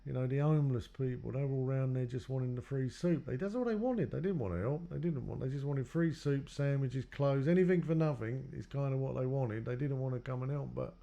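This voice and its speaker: Speaking briskly with few pauses, a man with a medium-pitched, dark-toned voice and vocal fry tells his own life story. He rambles loosely and acts out what others said to him.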